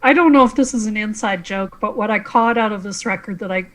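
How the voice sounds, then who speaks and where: A woman from Canada, a guest on a podcast, chatting casually and in an animated way. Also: medium pitch, fairly quick, low-quality recording. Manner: animated, quotes lines from scenes. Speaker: guest, comedic actress.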